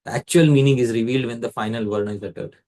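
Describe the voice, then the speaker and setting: A man teaches at a mid pitch in a measured lecture. He works through the ideas step by step and stops now and then to quiz a student by name. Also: fairly even intonation, warm tone. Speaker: facilitator teaching a scripture class. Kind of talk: explanatory lecture.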